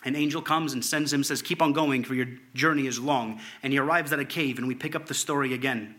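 A man preaching a sermon, reading scripture aloud in an animated way, at times dropping to a hushed tone. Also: mid-range voice, fast talker. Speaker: pastor.

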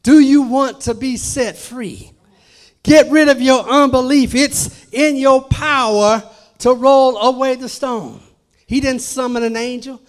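A man preaching a sermon at a church service, swinging from hushed to loud, emphatic calls. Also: very high voice, fairly even intonation, takes it slowly.

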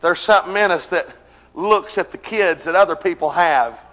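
A man preaching a revival sermon, swinging between shouted, chanted lines and quieter pleading passages. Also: moderate pace. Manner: shouting, chanting preaching with sudden drops to low intensity. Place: church. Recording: echoey church hall with congregation.

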